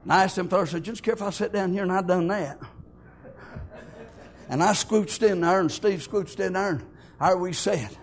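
A man's voice: sits high, moderate pace. An older man, telling his church testimony in a folksy, homespun way. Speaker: church member giving testimony.

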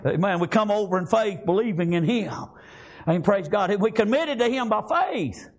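A fervent preacher delivers his sermon in a strikingly high, husky voice. His pitch leaps up and down as he works through his message. He punctuates nearly every line with amens and praise Gods. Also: animated, normal speed. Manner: fervent, repeats amen and praise God often.

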